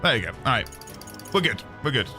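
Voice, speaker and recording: A man's voice: medium pitch, big pitch swings, brisk, sharp tone, soft background music. A man in his thirties, streaming a game and chatting casually with his viewers in a rambling, self-deprecating way. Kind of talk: casual live-stream chat.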